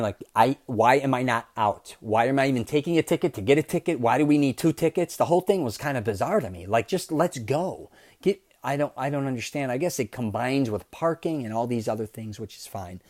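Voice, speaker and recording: A man hosting his own podcast, telling a story in a casual, animated way, swearing and swinging from loud outbursts to low asides. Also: dry recording, studio quality. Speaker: podcast host.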